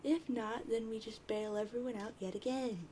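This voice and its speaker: A woman's voice: fairly high pitch, fairly even intonation, normal speed, dark tone, a little hiss or hum, close to an everyday voice. A woman reading out the lines of a cocky teenage boy fused with an orange bird, in a near-plain voice.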